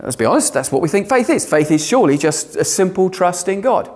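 Animated male preacher. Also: high-pitched, fairly quick. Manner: animated, acts out quotes with sarcastic asides. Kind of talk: sermon.

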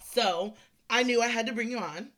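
A woman hosting a podcast over a video call, chatty and excitable, laughing often as she talks. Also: a little high, normal speed. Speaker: podcast host. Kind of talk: casual interview chat.

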